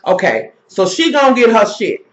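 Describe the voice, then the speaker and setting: A woman's voice: on the high side, big pitch swings, normal speed. A woman vlogger giving a casual, heavily profane, indignant episode recap, talking to her viewers as "y'all.". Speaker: vlogger reviewing a TV series. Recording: dull lo-fi recording.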